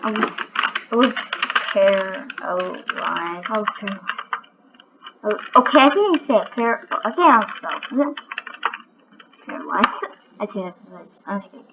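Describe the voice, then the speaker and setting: A woman giving excitable, giggly commentary over her own gameplay, full of sudden exclamations. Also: a little high, normal speed, pauses often, lo-fi sound, very noisy. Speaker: gaming channel host.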